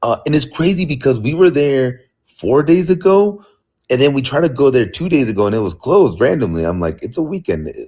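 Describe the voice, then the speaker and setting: A man talking in a casual vlog, animated and puzzled as he thinks aloud. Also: mid-range voice, fairly quick. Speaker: vlogger.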